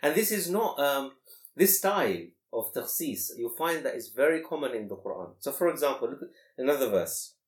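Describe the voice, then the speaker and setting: Teaching Quranic grammar in a room with noticeable echo, a man speaks at a medium pitch with an expressive delivery. His explanations lean on rhetorical questions, punctuated by rapid recitation in Arabic.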